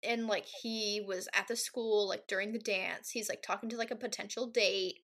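A woman's voice: medium pitch, steady tone, normal speed, fairly bright tone. A woman co-hosting a podcast, chatting playfully and joking, with lots of "like". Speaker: podcast co-host. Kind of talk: casual chat recapping a movie.

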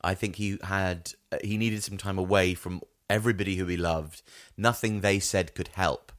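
A man's voice: low voice, fairly even intonation, moderate pace, fairly bright tone. A man co-hosting a comedy podcast, rambling through silly bits and putting on voices. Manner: rambling, puts on silly voices, laughs often. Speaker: podcast co-host. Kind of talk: comic improvised chat.

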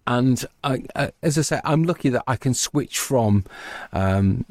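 A man's voice: mid-range voice, expressive, measured pace, a little mellow, no echo, studio quality. A man who narrates audiobooks, chatting as an interview guest and explaining his work at length. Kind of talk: casual interview chat.

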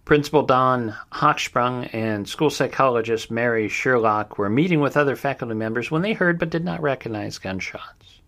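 A middle-aged man hosts a true crime recap podcast in a mid-range, fairly bright voice at normal speed. He speaks somberly and steadily, with fillers and personal asides.

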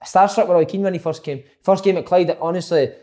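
Fast-talking man asking questions. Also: high voice, warm tone. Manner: sweary, keeps asking questions, recounts stories. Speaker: former footballer, podcast co-host. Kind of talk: casual chat.

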